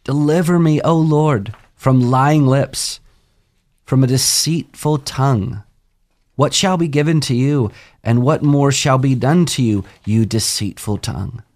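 A man's voice: mid-range voice, a little slow, darkish tone. Man reading a psalm solemnly. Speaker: pastor. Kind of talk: scripture reading and discussion.

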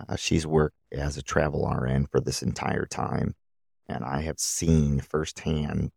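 A man's voice: a bass voice, vocal fry, a little mellow, dry recording, studio quality. A middle-aged man hosting a solo podcast, giving opinions in a rambling way with many restarts. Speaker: podcast host.

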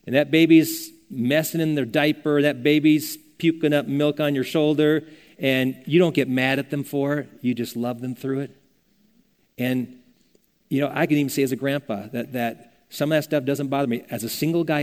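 A man's voice: mid-range voice, fairly even intonation, normal speed, a little mellow. An older man preaching a sermon as a pastor, earnest and conversational, telling stories as he teaches. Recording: long reverb of a church hall.

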